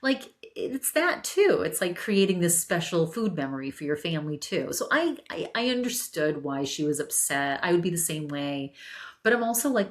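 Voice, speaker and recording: A woman's voice: fairly low pitch, big pitch swings, moderate pace. A woman hosting a solo podcast, chatting casually and telling a family story with lots of restarts and repeated words. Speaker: podcast host.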